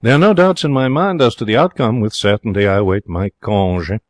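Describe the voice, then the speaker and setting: An actor playing an excitable young Frenchman in a radio drama, speaking broken English in a French accent with theatrical, emotional delivery. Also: on the low side, a little fast, dry recording, close to an everyday voice. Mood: wistful. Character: young excitable romantic Frenchman, former hotel cashier. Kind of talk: 1940s radio drama narration.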